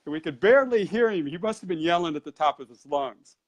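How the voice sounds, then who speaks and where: A man who teaches Qigong and Tai Chi, telling a long personal story in an interview. He talks like an animated storyteller and keeps his pace moving. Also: on the high side, fast talker.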